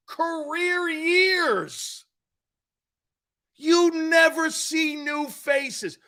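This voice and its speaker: A man's voice: extremely high pitch, bright, forceful tone. A middle-aged man, a former player turned sports talk host, giving blunt, emphatic opinions and calling the listener "dude".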